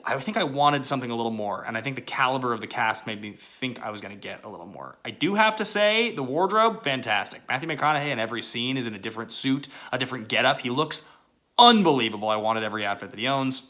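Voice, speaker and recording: A man's voice: medium pitch, animated, fast talker, pushed and bright. A man hosting a casual movie review channel, chatty and loose, with lots of fillers and asides.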